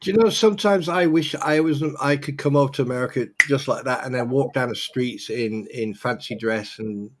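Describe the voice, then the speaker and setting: A man's voice: medium pitch, a little fast, few pauses, noisy background. A British man co-hosting a casual online show over a video call, joking and rambling in a teasing way. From Britain.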